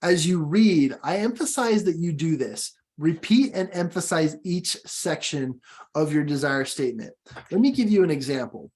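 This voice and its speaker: A man coaching his audience in a motivational training talk, emphatic and encouraging, repeating his key points. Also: fairly high pitch.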